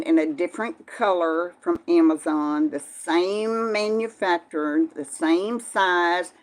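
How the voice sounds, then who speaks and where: A woman's voice: on the low side, measured pace, hardly any pauses, a little mellow. An older woman, chatting casually on a live stream and answering viewers by name in a folksy way. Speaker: vlog host reading live chat.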